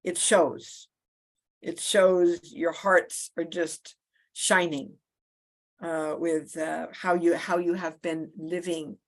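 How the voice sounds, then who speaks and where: Halting woman moderator, lowish voice. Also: flat delivery. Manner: halting, with many fillers and repeated words. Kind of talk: closing remarks on a video call. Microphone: video call.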